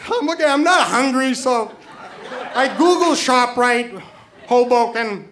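Brief: high-voiced male storyteller, stammering and repetitive, comic anecdote. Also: animated, measured pace, fairly bright tone. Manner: stammering, repeats words nervously.

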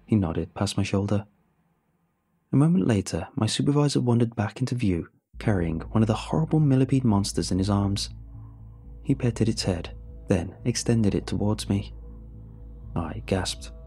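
A man narrating a horror story in first person, with steady, measured storytelling. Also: lowish voice, breathy edge, soft background music.

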